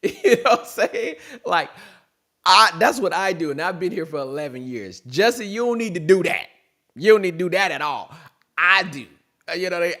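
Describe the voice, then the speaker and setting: A man's voice: fairly high pitch, fairly bright tone. A young man hosting his own comedy podcast, riffing loosely in slang and laughing at his own jokes. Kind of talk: casual comedic monologue.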